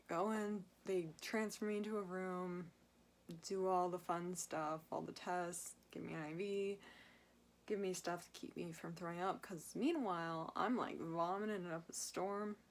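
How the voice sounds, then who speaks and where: A young woman vlogger telling a personal story in a casual, rambling way, full of fillers and asides. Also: on the low side.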